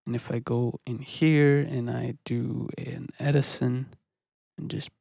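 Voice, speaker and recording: A man's voice: medium pitch, steady tone, slow pace, gravelly, a little mellow, no room sound, studio quality. A man casually chatting through a music production live stream in a laid-back, rambling way, dropping "bro" now and then.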